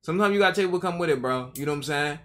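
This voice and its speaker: A man's voice: fairly high pitch, rapid-fire. A man streaming a casual reaction to a video, slangy and rambling, repeating himself often.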